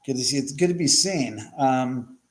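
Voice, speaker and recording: A middle-aged man hosts a relaxed livestream, rambling and chatting as he replies to viewer comments, often laughing and starting sentences over. His voice sits at a medium pitch with a slightly bright tone, and he talks at a normal speed.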